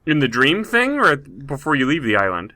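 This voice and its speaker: A man co-hosting a podcast in casual chat, animated and fond of elaborate jokes. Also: mid-range voice, moderate pace. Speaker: podcast co-host.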